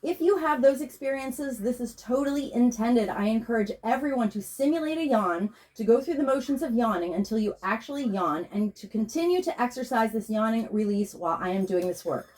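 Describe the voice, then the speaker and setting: A woman, a spiritual healing facilitator, reading a scripted guided meditation and invocation in a slow, measured way. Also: on the high side, expressive, darkish tone.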